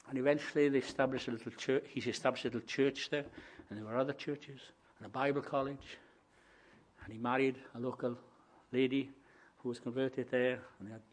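In a mid-range voice, this male preacher gives a sermon that alternates between soft, thoughtful reflection and loud, building declarations.

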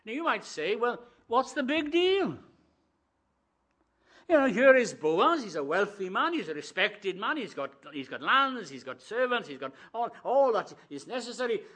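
A man preaching a sermon, telling stories and acting out the quoted voices, moving from hushed asides to emphatic declarations. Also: high-pitched, sing-song, moderate pace, few pauses, breathy edge.

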